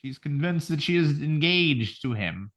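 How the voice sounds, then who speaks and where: A man's voice: on the high side, animated, a little slow, a bit bright. A man co-hosting a podcast, joking and swearing while reading news stories aloud. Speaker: podcast co-host. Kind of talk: casual podcast banter.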